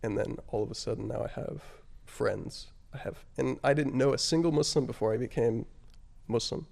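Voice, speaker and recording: A man with a noticeably gravelly, fry-edged voice at an ordinary middle pitch tells his story as an interview guest. He speaks in a halting, reflective way, leaning on fillers and letting his voice sink softer on the heavier moments. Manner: halting and reflective, frequent "like" and "you know" fillers. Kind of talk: casual personal storytelling.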